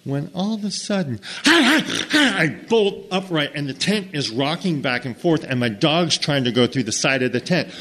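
An American man telling a comic camping story to an audience, acting out the characters and sounds as he goes. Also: on the high side. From United States. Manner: animated, acts out every character and sound.

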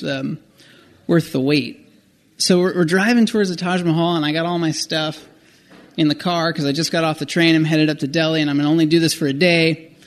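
A man telling a personal travel story in a rambling, self-correcting, animated way. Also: fairly high pitch.

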